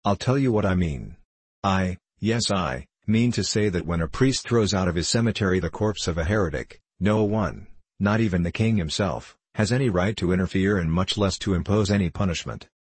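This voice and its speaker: A man reading the part of an angry, blustering middle-aged friar, sarcastic and loud. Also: low voice, normal speed, slightly rough, dry recording. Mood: indignant.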